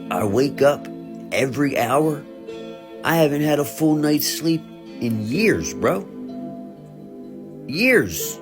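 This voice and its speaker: A man, a father of two, slowly and wearily venting to the camera about exhaustion, swearing heavily as he goes. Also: fairly high pitch. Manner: slow, weary, heavy with swearing. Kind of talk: emotional vent to camera. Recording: clear music playing behind.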